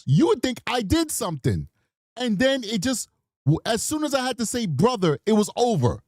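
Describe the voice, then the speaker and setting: A man's voice: extremely high pitch, big pitch swings, normal speed, darkish tone, no room sound, studio quality. A man hosting a true crime stream with emphatic, mocking commentary, mimicking people in bursts. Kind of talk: animated live-stream commentary.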